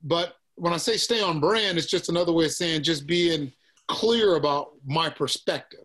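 A man from Texas with a Southern accent, a musician guest chatting casually in an interview, relaxed and peppering his talk with "man" and "you know.". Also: fairly high pitch, normal speed. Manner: laid-back, says "man" and "you know" often, laughs easily.

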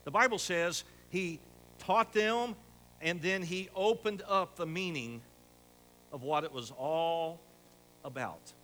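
Older pastor preaching in a hall. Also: male voice, on the high side, slow pace, bright, forceful tone. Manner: folksy, rising to emphatic exhortation. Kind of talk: sermon. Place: church sanctuary. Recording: echoey church hall with faint hum.

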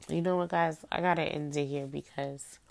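A woman's voice: deep voice, steady tone, normal speed, vocal fry, darkish tone. A woman vlogging while sick and drowsy from cold medicine, slurring and rambling as she talks herself through it in a small room. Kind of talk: casual monologue to camera.

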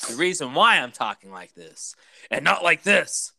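A man co-hosting a casual wrestling podcast, excitable and profane, rambling on with loose chatter. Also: fairly high pitch, moderate pace, gravelly, no room sound, clean studio sound. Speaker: podcast co-host.

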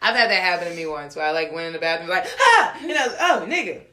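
Woman in her 30s, loose chatty storytelling, bright forceful voice. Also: on the low side, racing, roomy sound. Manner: animated storytelling, acts out voices. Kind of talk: casual chat.

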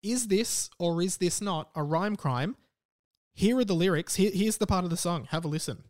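A man's voice: sits high, normal speed, darkish tone. An Australian man hosting a podcast, chatting casually in a rambling, wry way and often correcting himself mid-sentence. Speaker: podcast host.

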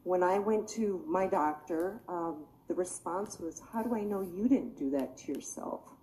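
A woman's voice: fairly low pitch, unhurried, mellow, a little hiss or hum, low-quality recording. A woman giving emotional, pleading testimony at a public meeting, sounding tired. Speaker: public commenter.

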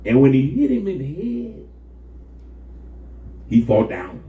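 A man preaching a sermon, telling stories with animated call-and-response. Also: medium pitch, takes it slowly. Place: church. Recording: echoey church from far off, phone-like sound.

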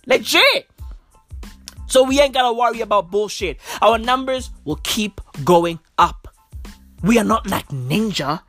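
A woman's voice: mid-range voice, a bit bright. A woman hosting a podcast, ranting casually in a brash, profane, emphatic way full of slang. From South Africa. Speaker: podcast host. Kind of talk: casual rant.

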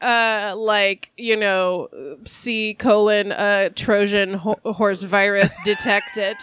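A woman's voice: medium pitch, fairly even intonation, slow, a bit bright, clear, resonant tone, dry recording, studio quality. A woman co-hosting a podcast, eagerly retelling a funny story with frequent laughs. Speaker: podcast co-host. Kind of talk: casual comedic chat.

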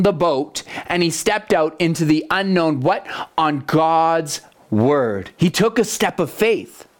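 A man preaching a conversational sermon, animated, with rhetorical questions and frequent restarts. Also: high-pitched.

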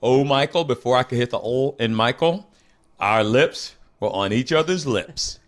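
A man in a relaxed comedy podcast chat speaks at an everyday mid pitch, riffing absurd bits with a straight, deadpan delivery. He teases his co-host playfully and keeps the jokes going. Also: moderate pace.

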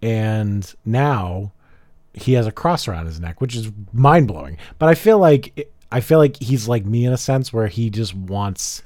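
A man chatting casually on a podcast, cracking sarcastic jokes. His pitch swings widely as he talks. The sound is dry and close, with no room echo. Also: lively intonation, a little slow, a little mellow. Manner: joking, sarcastic, interrupts with quips. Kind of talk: casual chat.

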